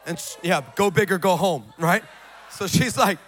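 A middle-aged male pastor preaching a sermon in a church, telling a story dramatically and swinging from shouts to hushed tones. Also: high voice, moderate pace.

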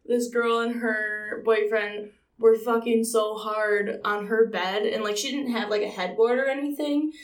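A woman's voice: a little high, steady tone, a little slow, echoey room, far from the mic. A young woman co-hosting a casual podcast, giggly and swearing freely as she tells stories. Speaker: podcast co-host.

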